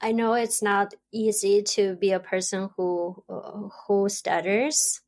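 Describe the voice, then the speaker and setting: A woman from China, speaking English, answers interview questions in a reflective way. She stutters, repeats words and pauses often. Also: mid-range voice, steady tone. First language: Chinese. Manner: stutters, soft and thoughtful, with frequent pauses. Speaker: podcast guest, doctoral student.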